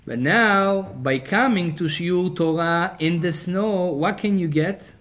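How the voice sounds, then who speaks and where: Brief: rabbi lecturing, lively storyteller, higher male voice. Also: slow pace. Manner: animated storyteller, swings between loud and quiet.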